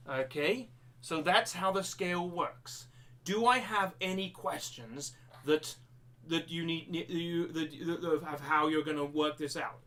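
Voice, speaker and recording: A man's voice: a little high, fairly bright tone. A man teaching a live-streamed maths lesson step by step, slipping into a jokey pirate-like accent. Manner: explains step by step, repeating himself.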